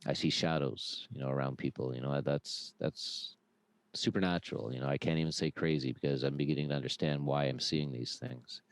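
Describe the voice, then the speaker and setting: A man's voice: a bass voice, brisk, no echo, low-quality recording. A man speaking earnestly as a podcast guest, telling stories with lots of restarts and fillers. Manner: earnest, animated storytelling with many restarts. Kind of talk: casual podcast conversation.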